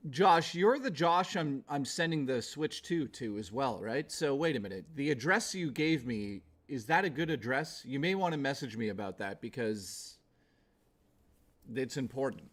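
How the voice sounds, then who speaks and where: Male streamer at home, lively swinging voice, raunchy rambling banter. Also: mid-range voice, moderate pace. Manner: crude, profane joking, rambling. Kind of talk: casual livestream chat.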